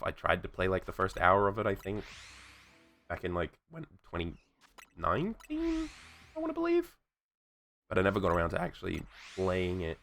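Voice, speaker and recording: A gravelly, low, slightly bright male voice comes through with a little hiss or hum. He is sick with a sore throat while streaming a game, and his casual gameplay chat is rambling, profane and self-talking, with faint music behind.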